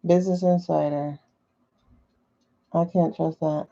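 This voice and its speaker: A woman's voice: sits low, fairly even intonation, unhurried, vocal fry, dark tone. A woman hosting a casual livestream from her phone, chatty and skeptical, thinking aloud with many fillers. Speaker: livestream host. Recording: dull lo-fi livestream audio.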